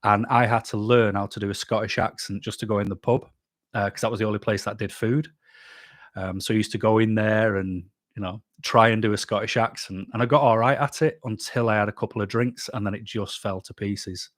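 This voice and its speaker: Here's an Englishman on a casual live stream, reading viewers' chat messages aloud before giving blunt, chatty answers as the YouTube channel host. His voice is lowish and a bit bright, with fairly even intonation and a brisk pace. It's studio-quality audio with no room sound.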